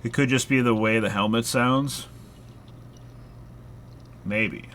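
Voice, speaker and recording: A man's voice: mid-range voice, steady tone, slow, fairly bright tone, slight background noise. A man casually chatting while he streams a horror game live, rambling with lots of filler words and casual swearing. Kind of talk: casual live gameplay chat.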